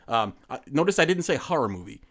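A man's voice: mid-range voice, sing-song, fast, a bit bright. A man co-hosting a casual podcast chat, talking in a rambling, joking way with lots of restarts. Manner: rambling, self-interrupting, joking. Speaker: podcast co-host.

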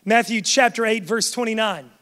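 A man's voice: sits high, moderate pace, a bit bright. A man preaching a sermon to a congregation, emphatic and swelling in force. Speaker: pastor. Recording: long hall reverb.

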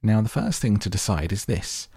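Male reader doing a storybook mum, fussy and kind, pitched way up, husky edge. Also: normal speed, warm tone, no room sound, clean studio sound. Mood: excited. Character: middle-aged mother, fussy yet kind.

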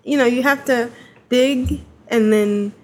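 A woman's voice: fairly high pitch, slow pace, slight background noise. A woman co-hosting a casual gaming podcast, chatty and giggly, wandering through her story. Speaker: podcast co-host.

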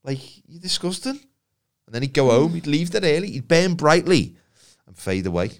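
A man's voice: a little high, big pitch swings, fairly quick, creaky. A man co-hosting a podcast, trading wry anecdotes in casual chat. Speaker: podcast co-host.

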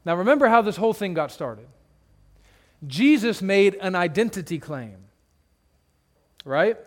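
Conversational, higher-voiced male pastor preaching. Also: big pitch swings, unhurried. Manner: conversational preaching with humorous asides; repeats points for emphasis. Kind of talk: expository sermon.

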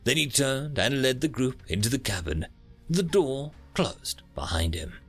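A man narrating a thriller audiobook in a dramatic, low-voiced storytelling manner. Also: very animated, measured pace, breathy edge, soft background music.

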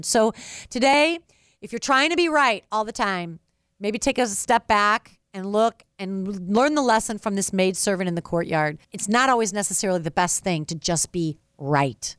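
A woman, a regular contributor, giving an expressive, reflective devotional talk on radio. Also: medium pitch, clear, resonant tone, no echo, clean studio sound.

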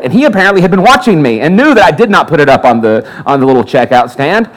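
A man's voice: a little high, quick pace, poor audio. A man preaching a sermon, telling a personal story and acting out the other people's lines. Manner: animated storyteller acting out quotes. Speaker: pastor.

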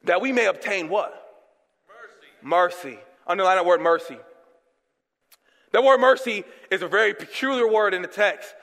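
A young man preaching a guest sermon, calling out questions for the congregation to answer and swinging between loud, fervent bursts and hushed, soft passages. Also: sits high, moderate pace, long pauses. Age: young adult. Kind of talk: call-and-response sermon. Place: church sanctuary. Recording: long hall reverb in a church.

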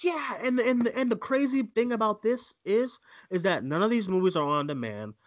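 A man's voice: sits high, normal speed, lo-fi sound. A man co-hosting a casual movie podcast, ranting and mimicking voices as he talks. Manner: animated, ranting, mocking voices. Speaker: co-host.

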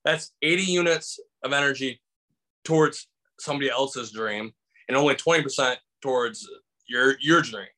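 A man from Michigan, a comedian, telling a story in casual conversation with lively acted-out voices and lots of fillers. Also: mid-range voice, normal speed. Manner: animated, acts out voices in anecdotes, many fillers. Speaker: stand-up comedian guest.

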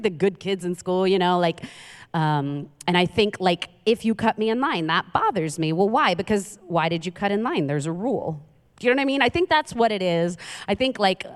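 A woman from Queens, preaching a humorous sermon as a guest speaker with chatty, self-deprecating storytelling. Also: fairly low pitch. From Queens, New York. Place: church sanctuary. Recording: long hall reverb.

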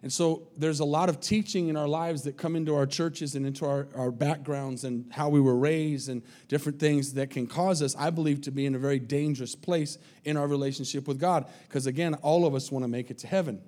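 Earnest pastor with a mellow voice. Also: male voice, fairly high pitch, fairly even intonation, brisk, few pauses. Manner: earnest, pleading, with frequent repeated words and restarts. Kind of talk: sermon.

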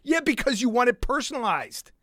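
A man with a high, bright-pitched voice rants on his podcast, worked up and exasperated, dropping into sighs and muttered asides between outbursts. The sound is close and dry. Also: sing-song, brisk, dry recording. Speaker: podcast host. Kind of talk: heated solo podcast rant.

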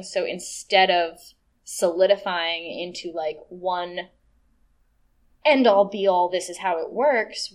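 A woman co-hosting a podcast in casual chat, animated and quick to mimic voices. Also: on the low side. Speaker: podcast co-host.

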